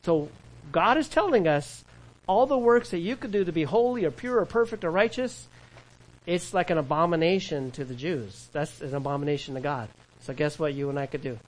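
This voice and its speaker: Animated, conversational male preacher. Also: on the high side, fairly quick, low-quality recording. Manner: animated, conversational preaching with laughs and imagined dialogue. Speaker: pastor. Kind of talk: sermon.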